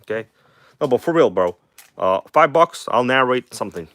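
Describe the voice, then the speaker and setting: A man with a slight accent hosting a casual live stream, chatting loosely, swearing now and then and reading magazine text aloud in a halting way. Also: mid-range voice, animated, a bit bright, dry recording. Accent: non-native English accent. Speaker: host of a live RC car stream. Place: home workshop in Queens.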